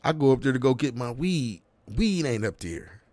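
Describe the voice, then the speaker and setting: A man in his thirties telling a long story in casual chat, with animated delivery and heavy street slang, acting out what people said. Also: mid-range voice, normal speed, no echo. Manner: animated, profane street slang, acts out quotes. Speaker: podcast host.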